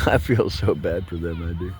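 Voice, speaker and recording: A man, rambling through a profane, loose vlog monologue that swings between loud bursts and low mutters. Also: unhurried, slight background noise. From United States. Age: 60s. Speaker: vlogger.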